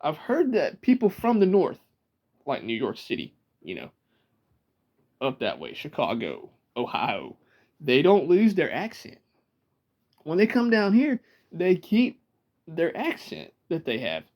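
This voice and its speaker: A man with a Georgia Southern accent tells stories casually to the camera. His voice sits a little high for a man and swings up and down in a lively way. He talks in a chatty, rambling manner full of asides. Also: a little slow, pauses often. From Georgia, USA.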